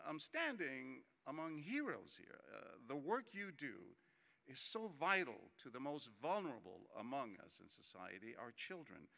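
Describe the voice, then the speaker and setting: A Texan man delivers a conference keynote in a large hall, and the reverberant space carries his mid-range, creaky, pushed and bright voice. He starts out chatty, telling jokes and stories, before turning earnest.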